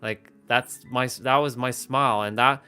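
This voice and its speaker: Bright-voiced man chatting on a livestream. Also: mid-range voice, fairly even intonation, normal speed, smooth, faint music behind. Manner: rambling, many restarts and fillers. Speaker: livestream host. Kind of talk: casual live-stream chat. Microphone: phone or webcam, facing camera.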